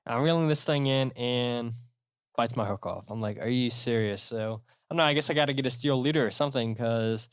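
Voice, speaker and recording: Here a man runs a solo podcast, telling stories in a loose, lively way full of fillers and false starts. He speaks briskly at a medium pitch with a clean tone, captured dry in studio quality.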